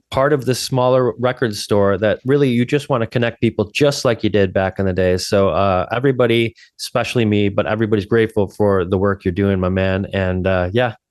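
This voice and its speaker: A man's voice: lowish voice, darkish tone, no echo, studio quality. A man hosting a podcast, talking in a casual, earnest, rambling way. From Chicago area. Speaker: podcast host.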